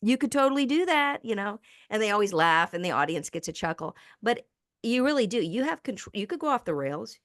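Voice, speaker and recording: A woman who is a speaker and author, talking in a podcast interview as an animated storyteller who acts out the people in her stories. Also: medium pitch, a little fast, dry recording, clean studio sound.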